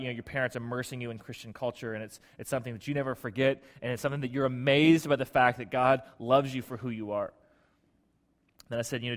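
A man preaching a sermon as pastor in a church, talking conversationally with restarts and repeated words, swinging between emphatic loud bursts and hushed asides. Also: medium pitch. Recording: long hall reverb.

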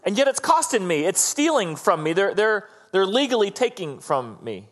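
A man acting out a flustered, duped buyer who whines in indignant disbelief, his voice jumping well above a normal man's pitch. He sounds betrayed by a deal he thought was free. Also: big pitch swings, normal speed, a bit bright, breathy edge, heavily acted.

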